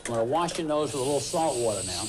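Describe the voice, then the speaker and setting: A man working as an ear, nose and throat doctor, calmly and patiently talking a patient through an exam. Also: medium pitch, rapid-fire. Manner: calm, patient, plain-spoken. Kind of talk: medical exam explanations. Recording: loud crowd and noise in the background.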